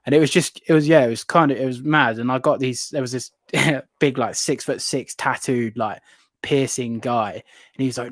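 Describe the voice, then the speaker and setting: A British man in his late twenties or thirties, chatting as a guest and telling stories with animated excitement and bursts of laughter. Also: mid-range voice, moderate pace, no echo. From United Kingdom. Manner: excitable, animated storyteller who often laughs mid-sentence. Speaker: guest reptile keeper. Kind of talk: casual storytelling chat.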